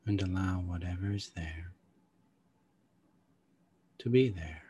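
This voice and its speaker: Low-voiced man guiding a meditation. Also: highs cut off, a little hiss or hum. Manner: slow, calm, soft-spoken with long pauses. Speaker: meditation guide. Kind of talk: guided meditation.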